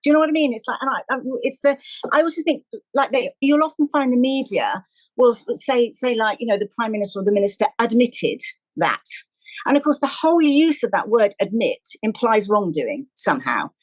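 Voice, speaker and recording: A woman co-hosting a podcast, talking in a lively, opinionated way that tips into a rant. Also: fairly high pitch, brisk, no room sound, low-quality recording. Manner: animated, opinionated, ranting at times. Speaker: podcast co-host. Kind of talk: casual chat.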